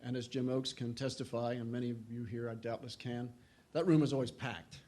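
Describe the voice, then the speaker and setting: Throat-clearing older man telling anecdotes. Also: medium pitch, fairly even intonation, a little fast, mellow. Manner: humorous anecdotal, acts out quoted voices. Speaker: historian giving a talk. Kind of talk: storytelling lecture.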